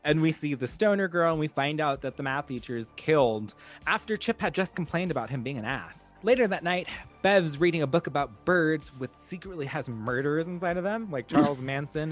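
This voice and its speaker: A man with a fairly high voice co-hosts a casual podcast and talks through a film's plot with lively, profane energy. He laughs often and swears freely. Faint music plays under the talk. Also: normal speed. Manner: animated, sweary, laughing retelling. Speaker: podcast co-host. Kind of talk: casual chat recapping a film.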